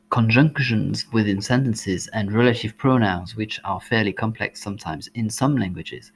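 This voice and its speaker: A man's voice: fairly low pitch, a little hiss or hum. A man with a French accent, a language teacher giving exam tips, explaining step by step with frequent ums and uhs.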